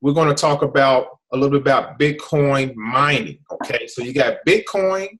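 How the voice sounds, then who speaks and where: A man's voice: medium pitch, normal speed, a bit bright, poor audio. An American man hosting an online hangout, explaining with frequent restarts and repeated "okay?" checks. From USA. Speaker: host. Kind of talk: casual hangout presentation.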